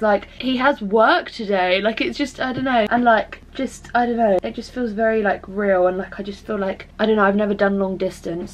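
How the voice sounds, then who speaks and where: A young woman pours out her feelings in a loose, meandering vlog. She circles around her thoughts, leans on constant fillers and swears casually as she does her makeup. Her pitch sits in an ordinary middle range. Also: a little hiss or hum. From England. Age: 20s. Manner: rambling and emotional, full of "like" fillers, swears freely. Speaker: vlogger. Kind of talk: confessional casual chat while doing makeup.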